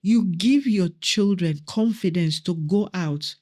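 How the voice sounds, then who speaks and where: A woman's voice: lowish voice, slow, a little mellow. Earnest woman telling family stories. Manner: earnest, reflective, acts out family dialogue. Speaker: guest, local councillor. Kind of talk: personal storytelling in conversation.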